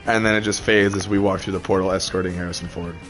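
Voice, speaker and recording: A man's voice: low voice, fairly even intonation, fast talker, a bit bright, faint music behind. A man chatting casually over gameplay, rambling through a story with lots of fillers and laughs. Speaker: gaming channel host.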